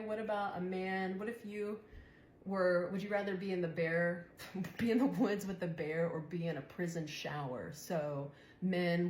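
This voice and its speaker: A young woman giving a chatty tarot reading who swears and laughs often. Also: lowish voice. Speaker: tarot reader. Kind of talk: casual tarot reading monologue. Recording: echoey room, faint background noise.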